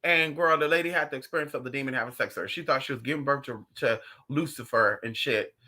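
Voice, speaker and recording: A livestream host telling gossipy stories in a profane, animated way, talking straight to the viewers. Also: medium pitch, fast. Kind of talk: casual livestream chat.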